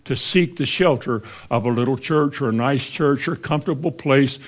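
A man's voice: medium pitch, moderate pace. A man, preaching a sermon in a folksy, conversational way and reading scripture aloud.

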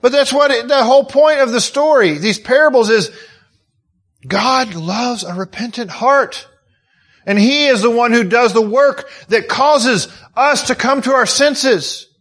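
Male pastor, sermon, bright voice, slow deliberate delivery, emotional, rhetorical questions. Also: extremely high pitch.

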